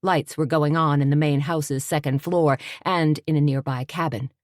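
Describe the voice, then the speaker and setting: A woman narrating an audiobook in a steady, measured storytelling voice. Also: low-pitched, no room sound, clean studio sound.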